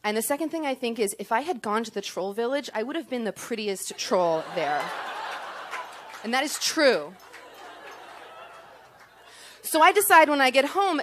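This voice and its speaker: A woman's voice: medium pitch, animated, brisk, fairly bright tone. A young woman telling a comic personal story on stage to an audience, self-deprecating and full of ums.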